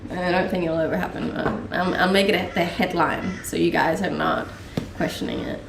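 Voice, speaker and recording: A young Danish woman answers viewer questions on a live stream, easygoing and laughing often, with plenty of fillers. Her voice is on the low side, steady, and at a moderate pace, with vocal fry. Background noise, an echoey room, and a slightly distant mic color the sound.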